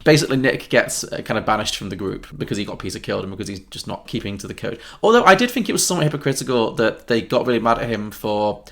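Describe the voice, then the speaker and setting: A man co-hosting a podcast, chatting casually about a film and retelling its scenes with quick asides. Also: lowish voice, expressive, vocal fry. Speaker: podcast co-host. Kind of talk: casual film review chat.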